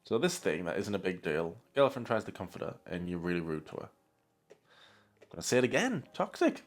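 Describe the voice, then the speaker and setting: A man's voice: low voice, very animated, brisk. A man hosting a commentary channel, reading out questions and answers and cutting in with sarcastic jabs. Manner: sarcastic, interrupting himself with jabs. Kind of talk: mocking reaction commentary.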